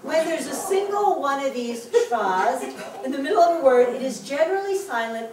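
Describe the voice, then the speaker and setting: High, animated woman teacher, encouraging, recorded from afar in an echoey classroom with students around. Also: normal speed, crowd noise. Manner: encouraging, explanatory, chatty. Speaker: Hebrew teacher. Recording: echoey room, mic far off, class around.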